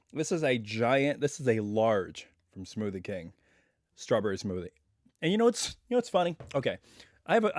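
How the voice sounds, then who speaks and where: A man hosting a casual live stream from home, chatting in a rambling way full of asides, his voice still a little hoarse as it recovers. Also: on the low side, a little mellow, no room sound, studio quality.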